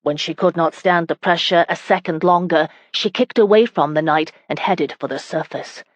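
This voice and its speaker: A woman narrating a historical romance audiobook in a steady, even reading. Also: fairly low pitch, moderate pace, no echo. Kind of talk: scripted narration.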